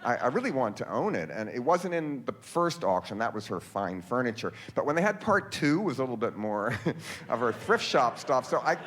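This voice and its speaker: A man's voice: mid-range voice, big pitch swings, fairly bright tone. Wry man telling comic stage stories. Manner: wry, dry storytelling with quick asides. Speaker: filmmaker performing a monologue. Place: theater stage.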